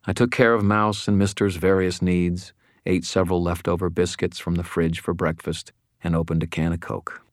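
Very deep-voiced guy reading a first-person audiobook, wry and steady, dry close sound. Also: normal speed, dry recording. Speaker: audiobook narrator.

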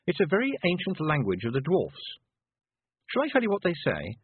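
A man voicing a clever young girl witch who speaks calmly with sweet sarcasm. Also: mid-range voice, normal speed, breathy edge, no room sound, narrow, tinny audio, pitched above the performer's own voice. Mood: sly.

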